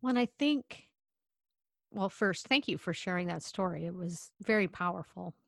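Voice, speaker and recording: A woman hosting an interview, responding to her guest in a measured, reflective way. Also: on the low side, expressive, vocal fry, no echo, studio quality. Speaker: podcast host. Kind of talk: interview conversation.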